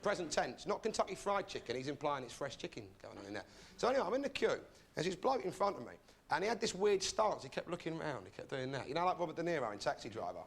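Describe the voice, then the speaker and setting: A man hosting a comedy show, talking in a sardonic, deadpan stand-up style with a lively, swooping pitch that sits a little high. His voice comes through over loud background noise and bursts of audience laughter. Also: fast talker, gravelly. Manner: sardonic, deadpan delivery with mock rudeness.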